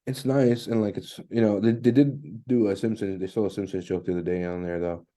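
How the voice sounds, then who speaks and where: A man's voice: fairly low pitch, fairly even intonation, fairly quick, dark tone. A man co-hosting a podcast, chatting casually, rambling and swearing, acting out quotes as he goes. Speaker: podcast co-host. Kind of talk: casual chat.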